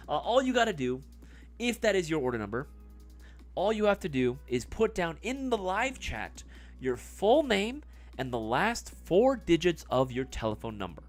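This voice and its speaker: A man's voice: fairly high pitch, big pitch swings, normal speed, faint music behind. A man hosting a casual livestream giveaway, joking and swearing, talking back to the live chat. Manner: swears loosely; mock ASMR murmur. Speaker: livestream host.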